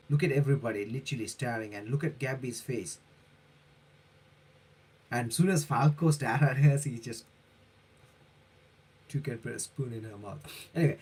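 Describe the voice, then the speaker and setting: A man live-streaming his reaction to a comic chapter, reading it aloud haltingly and correcting himself as he comments. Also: mid-range voice, animated, darkish tone, breathy edge, rough recording. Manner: halting, with frequent self-corrections.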